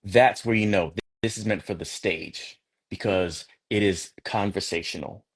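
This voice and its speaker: A man with a low voice talks as a guest poet in a relaxed interview. He thinks aloud, restarting phrases as he explains his craft. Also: normal speed, breathy edge. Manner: reflective, many restarts, conversational. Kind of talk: casual interview talk.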